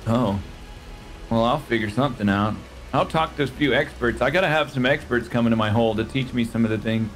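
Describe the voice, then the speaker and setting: A man's voice: medium pitch, brisk, a bit bright, soft background music, rough recording. A man in casual in-character role-play chat, earnest and easygoing as he shows someone around. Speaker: role-play player showing off his home.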